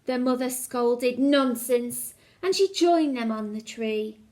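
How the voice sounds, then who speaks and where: A woman teacher reading a picture book aloud to children, expressive and engaging. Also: a little high, unhurried. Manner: expressive, asks the listeners questions.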